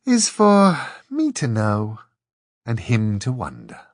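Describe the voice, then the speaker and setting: A man voicing a sweet, teasing young woman, speaking slowly. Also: medium pitch, wildly swooping pitch, no room sound, clean studio sound, heavily acted.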